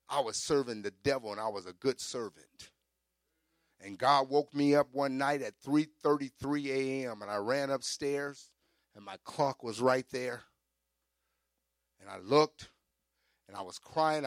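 Telling his personal testimony with fervor, a middle-aged preacher addresses the congregation head-on, making conversational asides and working up to shouts. The recording is studio quality and echo-free, and his voice is mid-range.

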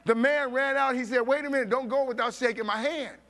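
A man preaching a sermon, telling a story with animated voices for each person and laughing along. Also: very high voice, a little fast.

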